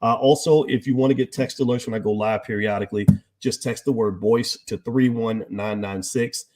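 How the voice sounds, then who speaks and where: A man's voice: medium pitch, steady tone, normal speed, a little mellow. A man hosting a live stream, talking emphatically to his chat audience and firing off rhetorical questions.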